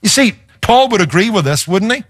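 A man's voice: high voice, very animated, a little fast, fairly bright tone, no echo, studio quality. A man, a pastor, preaching a sermon with emphasis, shifting pace and playful asides.

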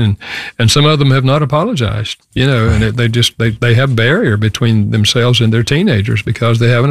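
An older man recounts a personal story as an interview guest, speaking earnestly and pausing to find his words. His voice has a gravelly edge at a middle pitch. The studio sound is dry and close. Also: no room sound. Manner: earnest, reflective, halting with fillers. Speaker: guest author and counselor.

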